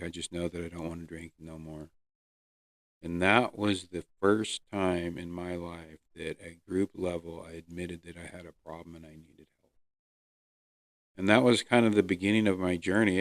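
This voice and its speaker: A man hosting his own podcast, earnestly telling his personal recovery story with pauses and fillers. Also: low voice, no echo, clean studio sound. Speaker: podcast host. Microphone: close podcast mic.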